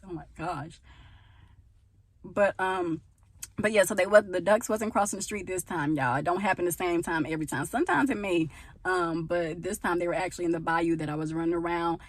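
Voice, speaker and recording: This vlogger talks a little fast in a lowish, slightly rough voice with a steady tone. She's outdoors at her parents' home with her phone camera, rambling casually about her faith and addressing viewers as y'all.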